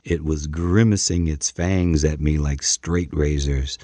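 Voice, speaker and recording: A man narrating a first-person story as an audiobook, measured and dramatic. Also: a bass voice, fairly even intonation, warm tone, dry recording.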